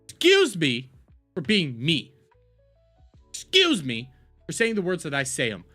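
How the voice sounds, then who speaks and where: A man talking casually as a streamer reacting to a video, excitable and profane, rambling and joking with his chat. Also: on the high side, unhurried, soft background music.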